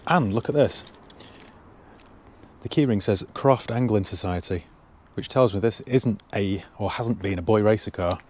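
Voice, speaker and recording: A man's voice: on the low side, a little slow, long pauses, darkish tone, a little hiss or hum. A man giving a casual, dry-humoured walkaround of a used car he has bought, talking from inside the parked car on a cold day. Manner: dry, wry asides.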